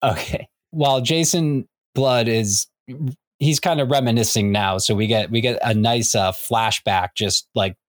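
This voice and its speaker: A man's voice: on the low side, dry recording, clean studio sound. A man co-hosting a casual comics podcast, rambling and full of restarts. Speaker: podcast co-host. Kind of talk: casual chat about comics.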